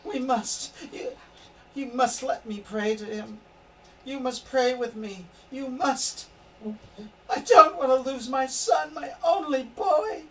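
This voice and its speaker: Man playing a distraught village mother, high pleading voice, loud, far-off mic, noisy room. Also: slow pace, exaggerated voice. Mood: frantic pleading. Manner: pleading, near tears. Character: frantic grieving village mother. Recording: distant mic, noisy background.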